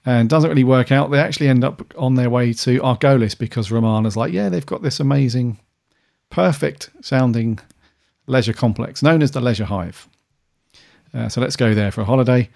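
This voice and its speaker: Man, late 30s, podcast host, relaxed rambling delivery, mid-pitch. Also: moderate pace, gravelly. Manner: chatty, meandering. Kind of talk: casual podcast chat.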